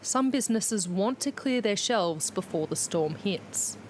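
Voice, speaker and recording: An Australian woman reporter narrating a news package in a steady voice-over. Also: mid-range voice, measured pace, background noise.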